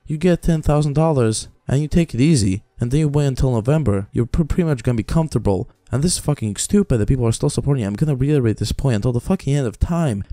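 Guy ranting on his reaction channel, swearing a lot, mocking, low dark voice, dry sound. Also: no room sound. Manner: profane, exasperated, mocking. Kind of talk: ranting commentary.

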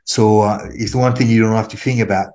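A man from France, an actor, speaking English with a French accent in a relaxed interview, pausing often to search for words. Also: fairly low pitch. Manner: thoughtful, pauses with fillers, mimics other voices. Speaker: actor guest. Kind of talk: casual interview talk.

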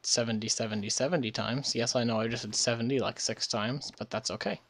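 A man's voice: medium pitch, fairly even intonation, a little fast, fairly bright tone, slight background noise. A tired man giving casual, rambling commentary over a strategy game, often correcting himself mid-sentence. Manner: rambling, self-correcting, chatty. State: recovering from illness. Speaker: let's play gamer.

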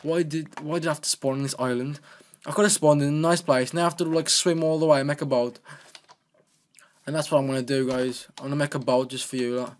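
A man's voice: a little high, fairly even intonation, quick pace. A man giving casual, rambling gameplay commentary as a let's play gamer, playful and often talking to himself.

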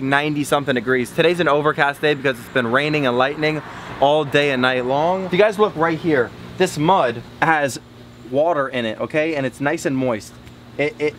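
An excitable man talks straight to his viewers while working in an outdoor animal yard. His voice sits a little high for a man. The camera audio carries a light hiss of outdoor noise. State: out of breath at times. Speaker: vlogger, animal keeper. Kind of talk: casual outdoor vlog.

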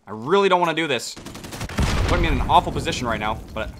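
A young man streaming a shooter game live, chatting to viewers and swearing and shouting as the action heats up. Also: on the high side, quick pace, background noise. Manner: excitable, swearing, reacting loudly to the game. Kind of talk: live gameplay commentary. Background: gunfire from the game.

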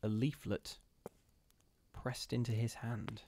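A man reading gothic ghost stories aloud on a live stream. He breaks off to chat loosely with his audience, thanking commenters and poking fun at his own efforts. His voice sits at an ordinary middle pitch. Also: little pitch movement, takes it slowly, darkish tone, a little hiss or hum. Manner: chatty, self-deprecating, thanks commenters.

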